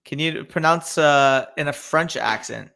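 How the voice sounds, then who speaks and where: Bright-voiced man hosting a live stream. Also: a little high, creaky. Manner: reads viewer chat aloud and reacts, quick and loose. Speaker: fantasy football podcast host.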